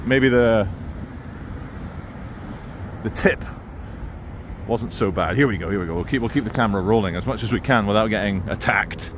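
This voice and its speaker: A man's voice: on the low side, normal speed, long pauses, noisy background. A man walking through town streets and filming himself, giving wry, sarcastic running commentary as a YouTuber. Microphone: handheld camera mic while walking.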